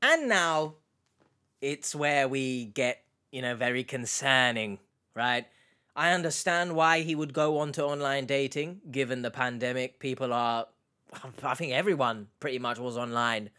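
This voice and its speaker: A man's voice: medium pitch, a little slow, pushed and bright, clear, resonant tone. A man hosting a reaction video, chatting casually to his viewers with rambling restarts and questions for the comments.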